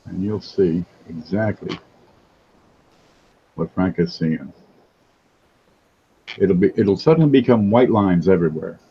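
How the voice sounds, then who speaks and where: Husky joking man, lo-fi sound. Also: deep voice, a little slow, long pauses. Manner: joking, wisecracking. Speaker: host. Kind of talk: casual livestream chat.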